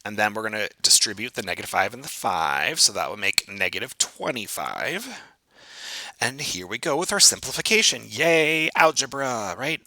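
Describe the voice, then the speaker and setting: A man's voice: on the low side, moderate pace, dry recording, rough recording. A man teaching math in a recorded video lesson, working problems aloud and joking at his own expense as he writes. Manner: animated, self-joking, thinks aloud while writing. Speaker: math instructor.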